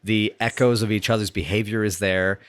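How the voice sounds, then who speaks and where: A man's voice: lowish voice, steady tone, brisk, clean tone, dry recording. A man co-hosting a podcast, chatting casually and enthusiastically, thinking aloud and rephrasing as he goes. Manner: thoughtful, enthusiastic, circles back on phrasing. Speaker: podcast co-host. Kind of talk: casual chat reviewing a sitcom episode.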